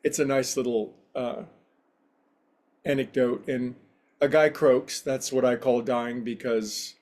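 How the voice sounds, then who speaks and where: A man's voice: mid-range voice, fairly even intonation, takes it slowly, darkish tone. Rambling man giving a spiritual talk. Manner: rambling, anecdotal, conversational with fillers. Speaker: yoga and meditation teacher.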